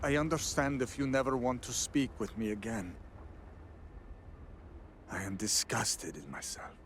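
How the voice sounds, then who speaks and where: A proud, formal duelist, heavy with shame and pleading for forgiveness. He speaks in measured, solemn sentences at a mid pitch, over faint background noise from the game. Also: expressive, fairly bright tone. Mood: remorseful. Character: proud, ashamed male duelist seeking reconciliation. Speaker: game character. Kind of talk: video game voice acting.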